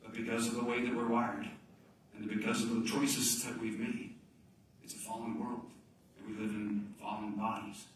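A man's voice: mid-range voice, flat delivery, normal speed, a little hiss or hum. Male pastor, distant mic in a very roomy hall, faint ambience; dynamic delivery dropping to near-whispers. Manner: dynamic, swings from loud emphasis to hushed near-whispers. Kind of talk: sermon.

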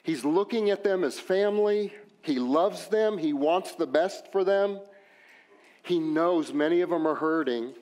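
A pastor with a West Texas accent preaches an animated sermon, tossing in joking asides and rising, emphatic questions. His voice is a little high and unhurried.

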